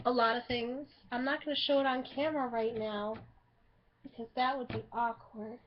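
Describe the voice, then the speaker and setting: A teenage girl with a high voice tells a story straight to her vlog viewers. She chats along casually, full of "like" fillers, and turns loud when excited. The audio is dull and lo-fi, as from a webcam. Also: moderate pace, a little hiss or hum. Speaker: vlogger.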